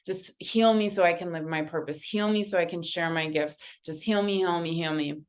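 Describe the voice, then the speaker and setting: A weary young maiden pleads and complains, hungry for a cure for her pain, as a woman quotes her in a story. Her voice is lowish and exasperated and stays close to plain speech. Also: moderate pace, natural voice. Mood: pleading.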